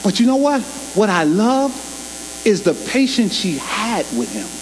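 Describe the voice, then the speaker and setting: A pastor with a high voice and big pitch swings preaches a little slowly, emphatic and folksy, with loose colloquial grammar and call-and-response with the congregation. The recording has a long hall reverb and faint mains hum.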